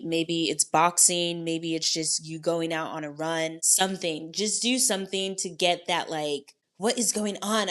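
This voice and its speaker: A woman's voice: fairly low pitch, fairly bright tone. A young woman hosting a wellness podcast, talking casually and playfully to listeners, encouraging them and swearing now and then. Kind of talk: casual solo podcast talk.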